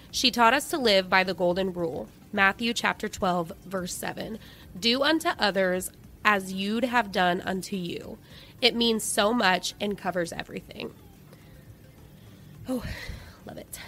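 A woman's voice: mid-range voice, bright, forceful tone. A woman co-hosting a podcast, chatting casually and reading out listener messages, giggly and emotional. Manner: giggly, emotional, quick to laugh. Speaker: podcast co-host.

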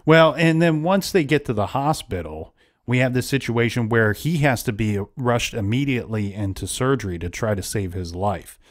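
A man's voice: medium pitch, expressive, moderate pace. A man hosting a casual true-crime podcast, retelling events at length with frequent restarts. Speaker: podcast host.

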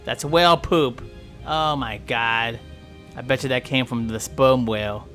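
A man's voice: medium pitch, steady tone, a little slow, pushed and bright, soft background music. A man doing a rambling, jokey bowhead whale. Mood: chatty. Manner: rambling, joking, trash-talking. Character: chatty, friendly male bowhead whale. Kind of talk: playful game commentary role-play.

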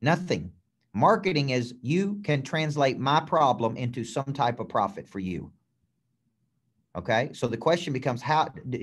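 A man's voice: medium pitch, husky. A man who is a business coach, giving an emphatic coaching session with lots of repetition and frequent "okay?" check-ins.

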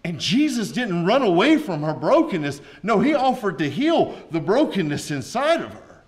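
A man's voice: high-pitched, very animated, moderate pace. A man, a pastor preaching a sermon with folksy asides and rising intensity.

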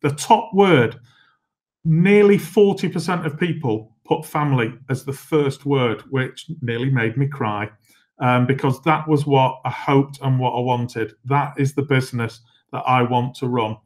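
A middle-aged man, a company chief executive, giving a business masterclass with brisk, self-deprecating anecdotes. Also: medium pitch. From England.

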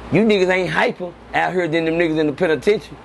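Animated profane man telling stories, noisy. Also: fairly high pitch, fast talker, gravelly. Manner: animated, profane storytelling with repeated words. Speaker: interview guest. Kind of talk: casual storytelling. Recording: noisy background.

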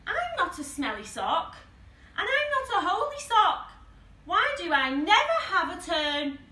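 A woman's voice: very high-pitched, big pitch swings, unhurried, sharp tone, voice pushed up, exaggerated voice. Woman voicing a sad little odd sock boy. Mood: wistful. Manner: wistful, plaintive. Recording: echoey room, mic at a distance.

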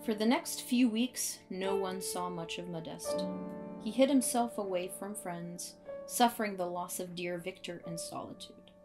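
A woman reading a picture-book story aloud in an expressive, varied way. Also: fairly low pitch, a little slow. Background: piano music.

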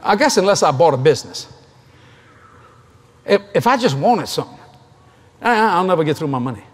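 Fast, animated preacher man. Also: on the high side, breathy edge. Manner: folksy storytelling, acts out dialogue, laughs often. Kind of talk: sermon. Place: large convention hall, live audience.

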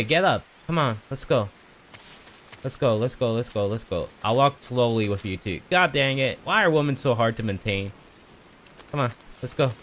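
A man's voice: mid-range voice, a bit bright. A man streaming a game in casual commentary from home, rambling, putting himself down and pleading with an in-game companion, on a desk mic with game music behind. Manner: self-deprecating, rambling, pleads with a game character. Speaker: gaming streamer. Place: home room with a TV. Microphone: desk mic on an arm.

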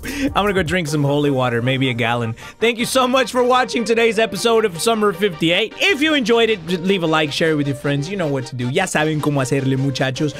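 A young man with a Mexican accent giving loud, cursing horror gameplay commentary, easily spooked and given to sudden yelps. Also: on the high side, animated, quick pace, faint music behind. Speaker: gaming YouTuber.

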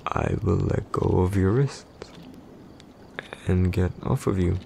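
A low-voiced, jealous warrior husband in a whispered role-play, played by a man. He talks curtly and possessively, close to the ear. A faint hiss of noise sits behind the voice. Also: takes it slowly, gravelly, warm tone, heavily acted. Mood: irritated. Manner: curt, irritated, possessive, speaks low and close. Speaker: voice actor in a boyfriend roleplay.

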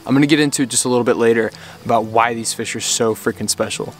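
Male angler-vlogger, excitable and exclamatory, outdoors by a creek. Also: mid-range voice, fast. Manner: excitable, exclaiming, laughing often. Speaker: fly fishing vlogger. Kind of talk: excited outdoor vlog commentary.

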